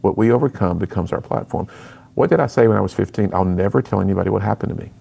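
A man's voice: lowish voice, fast talker, creaky, warm tone, slightly rough. A middle-aged man, a youth speaker and author, telling his personal story in an interview with earnest storytelling and acted-out dialogue.

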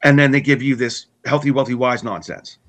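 Guy telling his life story, earnest, stumbles n repeats, bright edge to his voice, mid pitch. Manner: earnest, halting with restarts and repeats. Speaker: guest telling his testimony. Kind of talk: personal story in conversation.

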